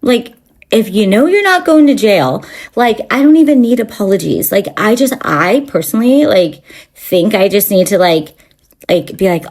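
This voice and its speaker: Her voice is medium-pitched with a somewhat dark tone. She runs a spiritual channel and here launches into an unscripted, meandering, foul-mouthed rant to camera, with fillers and restarts throughout.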